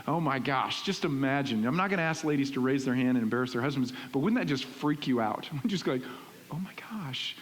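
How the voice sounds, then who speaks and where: A middle-aged male pastor preaching in a church, animated and conversational, often checking in with "right?". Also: medium pitch, quick pace, hardly any pauses. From Texas. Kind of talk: sermon. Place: church sanctuary. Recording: reverberant church hall with faint hiss.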